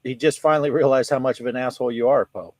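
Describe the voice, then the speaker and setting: A man's voice: medium pitch, steady tone, fast, darkish tone, dry recording. A man co-hosting a casual livestream chat, laughing through his own stories and reading chat aloud. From southern United States. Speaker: co-host of a livestream chat show.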